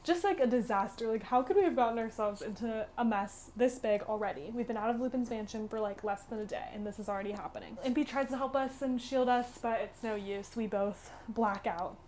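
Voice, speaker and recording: A young woman recaps a story game in a chatty, run-on way and fills almost every phrase with "like". Her voice sits a little high. A faint hiss runs underneath it. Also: a little fast, hardly any pauses, darkish tone. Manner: chatty, peppered with "like", acts out lines. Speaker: student gamer retelling a visual novel. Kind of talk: casual game recap vlog.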